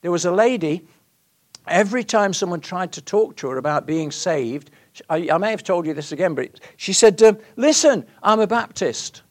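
A man preaching a sermon, earnest, moving between loud emphasis and hushed questions to the congregation. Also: high voice, lively intonation, a little fast. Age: 60s.

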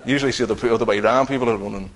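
A man's voice: medium pitch, very fast, crowd noise, noisy background. A man telling a personal faith testimony in a conversational way, acting out what he and others said. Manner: conversational, acts out his own quotes, many restarts.

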